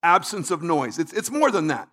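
A man pastor preaching a sermon, emphatic, repeating phrases and building to shouts. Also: fairly high pitch, big pitch swings, moderate pace.

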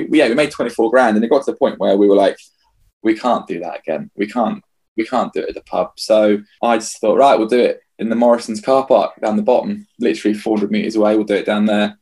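Husky man telling lively anecdotes. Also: on the low side, fast talker. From England. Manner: lively anecdotal, acts out his own past lines. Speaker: festival founder. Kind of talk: storytelling interview.

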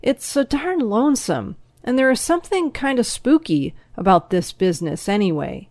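A woman's voice: a little high, big pitch swings, normal speed, a little mellow, no room sound. A woman voicing a lonely young man who tends a still, speaking in a timid, stammering, plaintive way in a storybook reading. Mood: uneasy. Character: lonely, jittery young male still-tender.

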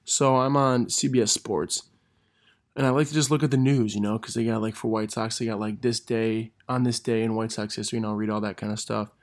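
A young man, a gym teacher, telling funny stories in a casual monologue, laughing through them and correcting himself as he goes. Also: fairly low pitch. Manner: laughs through his stories, animated, quick self-corrections.

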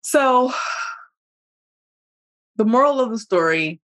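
Slow, heartfelt woman podcast host. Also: fairly high pitch, lively intonation, fairly bright tone. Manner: heartfelt, emotional, slow deliberate emphasis; addresses listeners as y'all. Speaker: podcast host and business coach. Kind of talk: motivational podcast monologue.

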